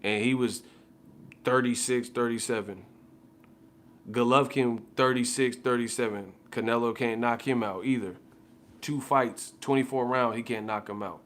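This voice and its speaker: A man's voice: medium pitch, fairly even intonation, moderate pace. A man ranting casually as a boxing commentator, heated and profane, repeating himself. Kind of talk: casual rant.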